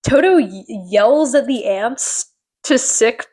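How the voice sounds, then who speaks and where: A woman co-hosting a chatty podcast, recapping an old TV episode. She talks in a slightly high, animated voice, acting out lines and breaking into laughter. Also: breathy edge, low-quality recording. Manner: animated, quick to laugh, acts out quotes. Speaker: podcast co-host. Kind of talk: casual chat recapping a TV episode.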